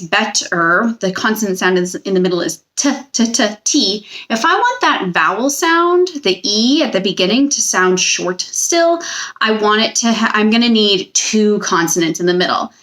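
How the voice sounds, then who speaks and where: A woman's voice: medium pitch, a bit bright. A young woman teacher giving a recorded spelling lesson to children, patient and drawing out each word. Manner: patient, slow, stretches out words.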